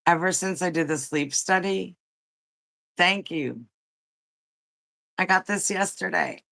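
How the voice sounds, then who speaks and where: A woman hosting a relaxed livestream, talking at an unhurried, drawn-out pace. She rambles chattily with plenty of fillers and greets her viewers one by one. She sounds like she has just woken up. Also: on the low side, gravelly. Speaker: livestream host. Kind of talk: casual livestream chat.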